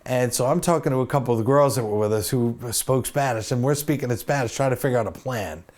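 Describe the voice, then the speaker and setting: Middle-aged man, storytelling vlog, laughs a lot, acts out voices, medium pitch. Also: quick pace. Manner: animated, laughs often, acts out quotes. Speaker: host. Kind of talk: casual storytelling to camera.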